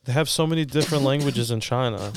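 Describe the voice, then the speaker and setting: A man's voice: mid-range voice, quick pace, a little hiss or hum. Easygoing man co-hosting a chat. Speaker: podcast co-host. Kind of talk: casual chat.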